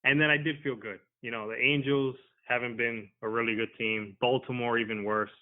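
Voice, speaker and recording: A man's voice: mid-range voice, steady tone, fairly quick. An easygoing man talking sports as a podcast guest. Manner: easygoing, conversational. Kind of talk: casual podcast chat. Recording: tinny phone-like line.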